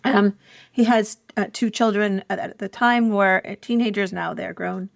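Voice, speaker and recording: An Irish woman co-hosts a podcast, sharing candid stories in easygoing chat, giggling often and poking fun at herself. Her voice is medium in pitch with a steady, creaky tone and a moderate pace. The studio-quality recording has no echo.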